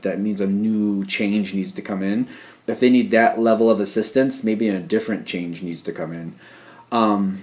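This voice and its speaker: A man's voice: on the low side, a little mellow. A man giving a casual tarot reading, rambling through hunches and talk of energies. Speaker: tarot reader.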